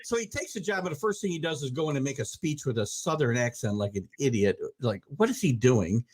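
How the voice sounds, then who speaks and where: A man's voice: medium pitch, lively intonation, a little fast, a little mellow. A man hosting a casual sports talk show, chatting and pushing back on his guest. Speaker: host.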